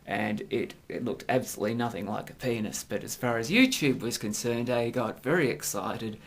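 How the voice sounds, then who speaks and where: A middle-aged man ranting in a sarcastic, crude monologue, swinging between mutters and loud outbursts. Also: medium pitch, normal speed. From Australia. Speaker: vlogger.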